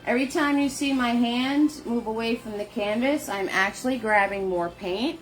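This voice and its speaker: A woman leading a live painting lesson, chatty and warm with viewers, greeting them by name in sing-song hellos. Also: fairly high pitch, moderate pace, hardly any pauses, slight background noise. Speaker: painting instructor.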